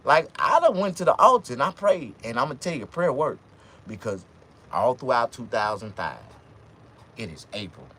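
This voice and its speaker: A man doing a stand-up comedy monologue, jumping his voice high when quoting women. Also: normal speed, a little hiss or hum. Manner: animated, swings pitch high for quoted women.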